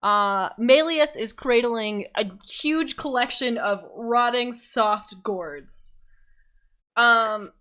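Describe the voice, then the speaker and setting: A woman narrating as game master of a tabletop role-playing game, setting scenes briskly. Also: fairly high pitch, pushed and bright.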